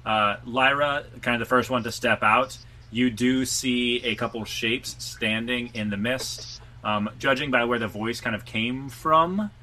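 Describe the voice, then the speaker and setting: A man runs a tabletop game as dungeon master. His voice is bright and mid-pitched, and he describes the scene loosely, with frequent fillers. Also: a little slow, low-quality recording. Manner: relaxed, filler-heavy narration.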